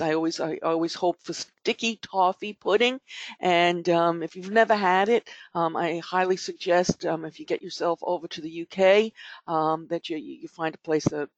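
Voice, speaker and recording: A man's voice: sits high, dry recording. Middle-aged man, chatty podcast host. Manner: chatty, rambling, frequent fillers and restarts. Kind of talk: conversational podcast advice. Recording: dull dry lo-fi podcast audio.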